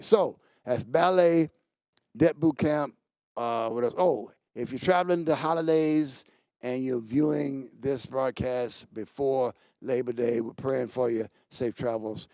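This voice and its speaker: A man's voice: measured pace, no echo. A man hosting a church talk show, giving casual announcements in a playful way and joking with the studio crew. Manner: playful, jokes with the crew, animated pitch jumps. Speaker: pastor and show host. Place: studio set.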